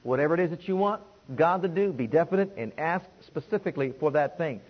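A man preaching a sermon to a congregation, calling for responses and swinging between loud and hushed delivery. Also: fairly high pitch, lively intonation, fast talker, breathy edge. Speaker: pastor. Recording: dull lo-fi recording.

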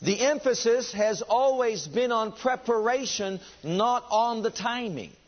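A man's voice: extremely high pitch, animated, a little slow, dull audio. A man preaching a sermon, driving his points home with rhetorical questions and emphatic repetition.

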